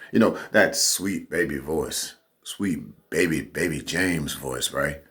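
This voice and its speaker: A man's voice: extremely low pitch, a little slow, hardly any pauses. A man giving a casual, rambling opinion monologue as a vlogger, often checking in with "you know what I'm saying".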